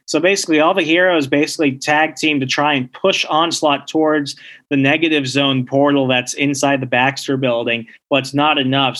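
A man co-hosting a casual podcast, retelling a comic plot in an animated way and acting out the characters' lines. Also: mid-range voice. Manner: animated storyteller, acts out character quotes. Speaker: podcast co-host recapping comics. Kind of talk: casual chat.

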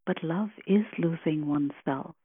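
A woman with a low, breathy voice speaks in a slow, reverent spiritual commentary, pausing often. The sound is dry and narrow, like a phone line. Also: no room sound. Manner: slow, reverent, reflective, with long pauses. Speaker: podcast host explaining scripture.

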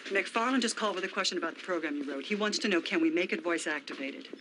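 An actress playing a brisk female upper-management boss in an office drama. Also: fairly low pitch, background noise, lightly acted. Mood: businesslike.

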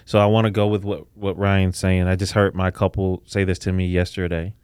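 A man with a fairly low, smooth voice tells a story from his own therapy work. He speaks candidly and thoughtfully. The sound is dry and close to the mic. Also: level tone, fairly quick, a little mellow, no echo. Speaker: podcast co-host, couples therapist. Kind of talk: casual podcast talk.

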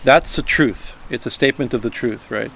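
A man with a gravelly edge to his voice, speaking at a middling pitch, gives an informal spiritual talk. He stumbles and restarts, repeats words, and keeps checking in with a quick "right?" now and then. Faint noise hums in the background. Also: a bit bright. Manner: halting, repeats words, frequent "right?" asides; chuckles while explaining. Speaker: spiritual teacher.

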